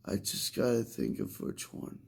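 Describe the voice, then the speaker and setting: A man's voice: normal speed, darkish tone. A tearful man speaking in an impassioned, heated vlog monologue. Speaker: vlogger.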